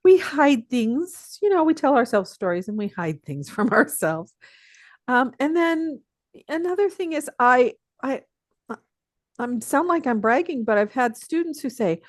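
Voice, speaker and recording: A woman's voice: high-pitched, sing-song, measured pace, dry recording, clean studio sound. An older woman from the Pacific Northwest, a teacher guesting on a podcast, talking reflectively and chuckling often as she tells stories. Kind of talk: casual interview conversation.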